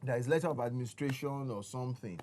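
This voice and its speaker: A man's voice: medium pitch, quick pace, a little mellow. A man, a real estate expert on a talk show, patiently explaining step by step with examples.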